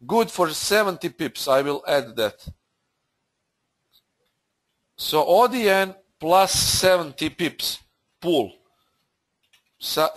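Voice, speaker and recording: Halting man hosting a trading webinar. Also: high-pitched, fairly bright tone. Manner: unscripted, halting, many fillers and restarts. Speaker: forex trading webinar host. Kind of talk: live trading webinar recap.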